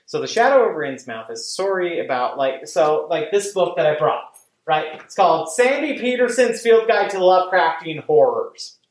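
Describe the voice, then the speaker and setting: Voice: medium pitch, normal speed. Rambling, swearing podcast talker in an echoey room. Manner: rambling, animated, profane, many fillers. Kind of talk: casual chat.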